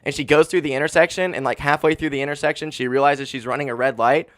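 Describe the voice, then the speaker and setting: A man in his twenties hosting a solo podcast, talking candidly and with grief, swearing often and filling pauses with "like". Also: on the high side, steady tone, a bit bright, no echo, studio quality. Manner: candid, grieving, heavy swearing and fillers. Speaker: podcast host. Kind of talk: casual solo podcast monologue. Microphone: handheld podcast mic.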